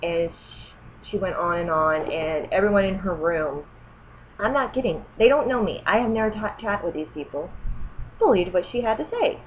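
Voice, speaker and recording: A woman's voice: medium pitch, expressive, normal speed, lo-fi sound, a little hiss or hum. A woman in her thirties telling a personal story as a vlogger, rambling, correcting herself and growing indignant. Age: 30s.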